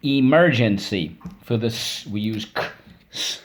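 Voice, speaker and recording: A man's voice: on the low side, measured pace. A man teaching a spelling and phonics lesson, encouraging and repeating each word for students to say back.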